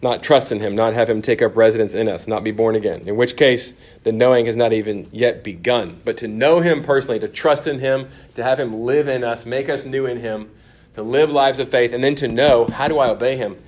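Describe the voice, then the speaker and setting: A man's voice: mid-range voice, fairly quick, darkish tone. Man teaching a church Bible class. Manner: conversational, asks the class questions, many ums and restarts.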